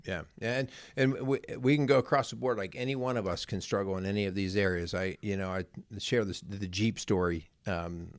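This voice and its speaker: Earnest low-voiced man storytelling. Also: steady tone, a little fast, few pauses, dry recording, studio quality. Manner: earnest, rambling, repeats words. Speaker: podcast co-host, marriage coach. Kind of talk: casual chat, storytelling.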